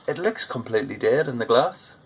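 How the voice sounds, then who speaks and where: A man's voice: medium pitch, expressive, a little fast, low-quality recording. A man chatting casually through a home-brewing vlog, rambling and poking fun at himself. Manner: chatty, rambling, self-deprecating. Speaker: homebrewer.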